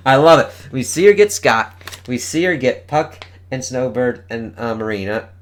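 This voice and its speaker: A man's voice: mid-range voice, normal speed. A man casually reviewing a comic book, enthusiastic and swearing often as he reads panel dialogue aloud.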